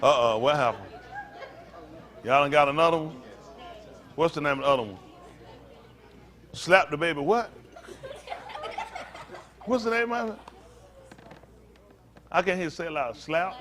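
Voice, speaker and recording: A pastor joking and teasing his congregation in a playful, animated sermon, laughing often. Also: fairly high pitch, measured pace, long pauses, a faint crowd.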